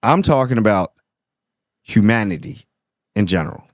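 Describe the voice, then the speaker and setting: A man's voice: fairly low pitch, lively intonation, moderate pace, no room sound. A man talking earnestly in a casual monologue about kindness, rambling and restarting his sentences often. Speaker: small YouTube channel host. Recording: dull, dry lo-fi recording.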